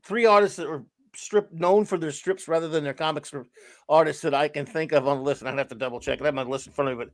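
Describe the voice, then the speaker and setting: Casting: enthusiastic male host, higher voice, dry close mic. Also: steady tone, quick pace, dry recording. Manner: enthusiastic, rambling with restarts. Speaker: podcast host. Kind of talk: casual chat about comics.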